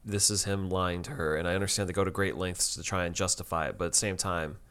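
Guy with a lowish voice rambling about a tv episode, lots of likes and uhs. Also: steady tone, quick pace, a bit bright, smooth. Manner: rambling, with many fillers and restarts. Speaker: podcast co-host. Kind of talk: casual chat reviewing a TV episode.

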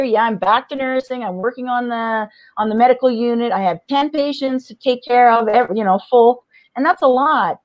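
Higher-voiced woman telling her story frankly. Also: a little mellow, no room sound, low-quality recording. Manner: frank, restarts and repeats words, laughs between heavy memories. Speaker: interview guest. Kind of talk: personal story told in conversation.

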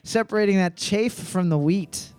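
A man's voice: high-pitched, normal speed, a little mellow, clear, resonant tone, no room sound. A man hosting a trivia night, joking and swearing through casual banter. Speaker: trivia host. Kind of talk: casual bar trivia hosting over a mic.

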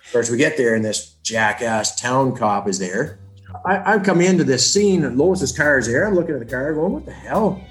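In an interview, the brother of a missing woman, a man from Ontario, Canada, bluntly recounts what happened, swearing and acting out the dialogue he quotes. His medium-pitched voice swings widely in pitch at a normal speed, with reverb and soft music behind him.

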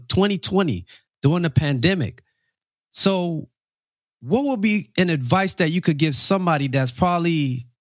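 A man's voice: on the high side, fairly bright tone, no echo, studio quality. A man hosting a faith podcast, earnest and preacherly as he questions his guest. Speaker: podcast host.

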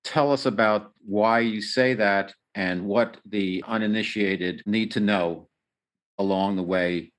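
Low-voiced male interviewer. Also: fairly even intonation, takes it slowly. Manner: asks long setup questions. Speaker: interview host. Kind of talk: interview questions.

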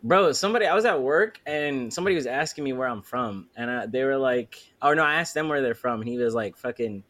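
A man from Queens with a New York accent, co-hosting a casual podcast and talking in an animated, swearing way. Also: medium pitch, quick pace. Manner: animated, swearing, lively storytelling. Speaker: podcast co-host. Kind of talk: casual chat.

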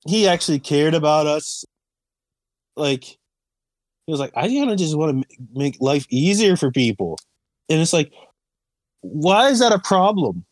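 A man's voice: fairly high pitch, very animated, moderate pace, long pauses, dry recording. A man co-hosting a podcast in a laid-back, slangy way, often agreeing and calling his partner dude. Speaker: podcast co-host. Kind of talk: casual chat.

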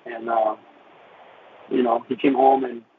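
A man telling an emotional personal testimony in a halting way, restarting and repeating his words. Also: mid-range voice, flat delivery. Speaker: caller sharing a personal testimony. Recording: tinny phone-like line with faint hiss.

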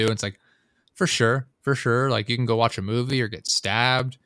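A man's voice: medium pitch, steady tone, brisk, fairly bright tone, no echo, clean studio sound. A young man in casual chat, telling a rambling, profane story full of fillers and asides.

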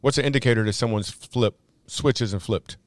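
A man's voice: mid-range voice, normal speed, dry recording. A man co-hosting a podcast in casual, joking banter with his co-host and a guest.

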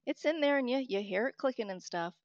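A woman's voice: on the high side, animated, fast talker, dry recording. Candid woman telling a heartfelt story. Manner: candid, heartfelt, talkative with restarts. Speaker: interview guest, author. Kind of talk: personal story in an interview. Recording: dull, lo-fi sound.

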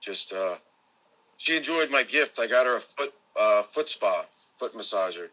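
A man's voice: lowish voice, lively intonation, normal speed, sharp tone, rough recording. A man from Florida, a guest calling in by phone, chatting casually and joking easily. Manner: easygoing, joking, chuckling storyteller. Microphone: phone call.

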